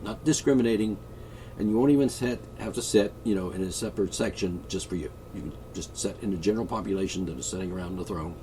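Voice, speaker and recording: A man's voice: low voice, quick pace, warm tone, far from the mic, a little hiss or hum. A man vlogging a rambling comic monologue, joking in a mock-royal tone.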